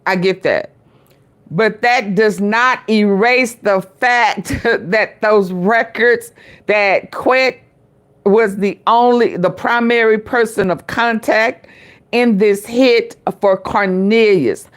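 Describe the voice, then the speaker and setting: A woman's voice: medium pitch, takes it slowly. A woman hosting her own show, casually commenting on a trial and reacting to a clip, often hesitating and repeating words.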